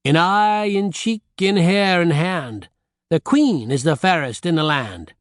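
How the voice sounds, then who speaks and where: A man's voice: a little high, expressive, a little slow, no echo, studio quality. A man voicing a magic mirror in an audiobook, chanting its answers in rhyme. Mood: solemn. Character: magic mirror, resounding oracle voice.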